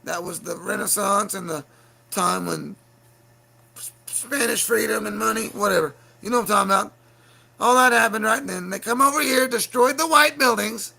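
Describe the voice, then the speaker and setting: Angry ranting man with a bright gravelly voice. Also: high-pitched. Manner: angry, profane, bursts into shouting. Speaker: livestream show host. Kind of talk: heated solo livestream rant.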